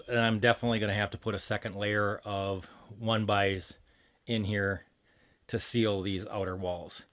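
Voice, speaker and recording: A man's voice: fairly low pitch, fairly bright tone. A man hosting a homestead video, a little winded, walking through a half-built woodshed in a loose, rambling way with lots of fillers. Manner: rambling, thinks aloud with fillers. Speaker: homesteading channel host. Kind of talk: casual DIY walkthrough. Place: woodshed under construction, outdoors.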